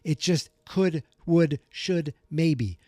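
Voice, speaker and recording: Male podcast host, solo recap; animated, venting, higher pitch, dry close sound. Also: drawn-out words, dry recording. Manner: animated, gets worked up and vents.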